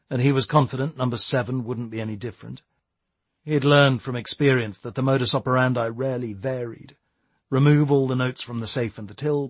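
Male audiobook narrator, husky voice, dry close recording, measured. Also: medium pitch, dry recording. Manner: steady, measured storytelling. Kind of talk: scripted narration.

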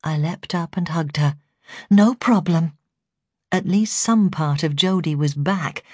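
Low-voiced woman reading a memoir. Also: unhurried, darkish tone, breathy edge, no echo, clean studio sound. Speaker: audiobook narrator. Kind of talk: first-person memoir reading.

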